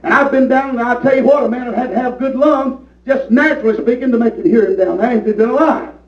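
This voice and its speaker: A man preaching a fervent revival sermon, often shouting, as a congregation calls back. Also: extremely high pitch, fast. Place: church service with congregation. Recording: echoey, distant, dull old recording. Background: congregation calling out responses.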